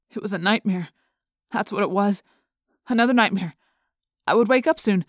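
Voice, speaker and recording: A woman reading first-person narration for an audiobook in a steady, clear storytelling manner. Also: medium pitch, normal speed, no echo, studio quality.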